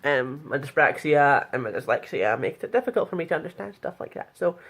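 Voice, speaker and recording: A woman's voice: sits low, lively intonation, fairly quick, slightly rough. A young woman talking frankly in a casual vlog tutorial, chatty and blunt, with plenty of fillers. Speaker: vlogger.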